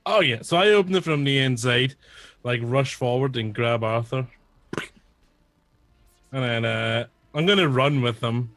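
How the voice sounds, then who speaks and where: A man's voice: mid-range voice, measured pace, long pauses, a bit bright, no echo. A man playing a tabletop game, eagerly describing his character's actions with fillers. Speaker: player. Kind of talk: casual tabletop play.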